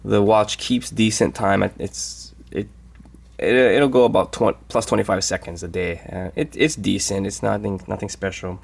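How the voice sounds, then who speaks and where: A man casually reviewing a watch in a vlog. He talks in an easygoing, halting way with many fillers. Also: on the low side, fairly even intonation, vocal fry, breathy edge.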